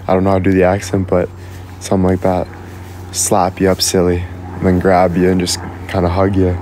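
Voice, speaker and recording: Teasing low-voiced male streamer. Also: completely flat delivery, darkish tone, a little hiss or hum. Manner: teasing, playful, quick to laugh; rattles off thanks to viewers by name. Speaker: live streamer. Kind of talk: casual live-stream chat with viewers.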